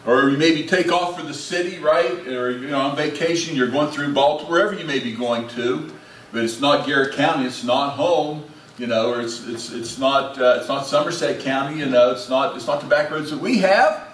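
A man's voice: mid-range voice, normal speed, a bit bright. A male pastor preaching a sermon and leading prayer in a folksy, conversational way with many restarts. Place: church sanctuary. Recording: echoey church, distant, faint hiss.

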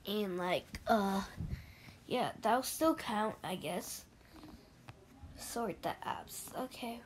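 Slow, soft-spoken woman playing a game. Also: mid-range voice, lively intonation, a little hiss or hum. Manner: soft-spoken, reads game chat aloud, with slips and drifts into whispers. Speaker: ASMR channel host. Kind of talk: ASMR mobile game playthrough.

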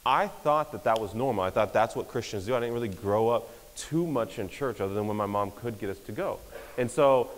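A young man, giving an energetic, joking conference talk that pokes fun at pastors. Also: on the low side, brisk. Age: young adult. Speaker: speaker. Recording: hall reverb.

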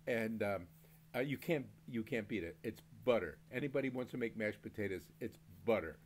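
Speaking a little fast in a lowish, animated voice, an older Maine man rambles casually through stories while hosting a beer review at home. He swears mildly and laughs often, and a faint hiss or hum sits under his voice.

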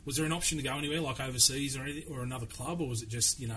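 A man's voice: mid-range voice, rapid-fire, fairly bright tone, low-quality recording. A man hosting a sports podcast, asking chatty, rambling questions in a matey tone. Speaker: podcast host. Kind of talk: casual podcast interview.

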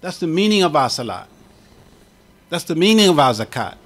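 A man's voice: on the high side, very animated, a little fast, fairly bright tone. A man preaching a sermon as imam, with an impassioned cadence that swells and drops. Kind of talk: Friday sermon.

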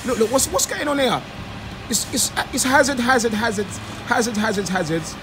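A young man with a hoarse voice, a bin loader giving loud, exasperated running commentary on his driver, swearing and using slang. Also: extremely high pitch, moderate pace. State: voice going hoarse. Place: outdoors on a city street beside a bin lorry. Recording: street noise and traffic behind.

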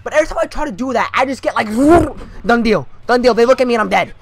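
A young man giving casual, sarcastic commentary over his own gameplay, swearing freely and breaking into animated outbursts. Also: very high-pitched, fast, vocal fry. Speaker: gaming commentator.

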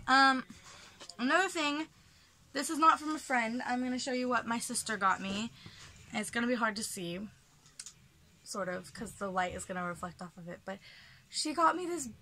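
A young woman chatting casually in a home haul vlog, full of ums and soft asides, sometimes dropping almost to a whisper. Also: on the high side, slight background noise. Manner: chatty, filler-heavy, drops to soft near-whisper when touched. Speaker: vlogger. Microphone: camera mic, handheld.

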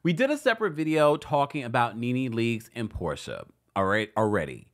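A man's voice: mid-range voice, sing-song, moderate pace. Brief: male gossip host, chatty and playfully shady, voice leaping up and down. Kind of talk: casual commentary.

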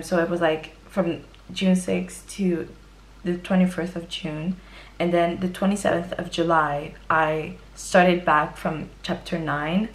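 Young woman, casual book vlog, chatty and expressive, slightly low voice, big reactions. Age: young adult. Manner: chatty and expressive, quick exaggerated exclamations. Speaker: book vlogger. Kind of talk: casual book review monologue.

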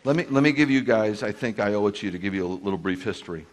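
A man's voice: fairly low pitch, expressive, racing. A man, a Messianic rabbi, telling a story to a group in an emphatic sermon style and acting out quoted dialogue. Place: speaking live to a group.

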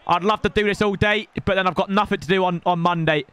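Young man, video game streamer, live gameplay commentary, excitable, shouty outbursts, high voice, bright tone. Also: fast talker, clear, resonant tone, no room sound. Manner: excitable, bursts into shouts, teasing banter.

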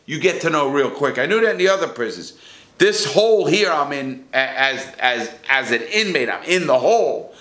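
A middle-aged ex-prisoner bluntly recounts his time inside in casual first-person storytelling, profane and rambling with lots of restarts. His voice is a little high and a bit bright, with lively intonation and a moderate pace. The room sounds echoey.

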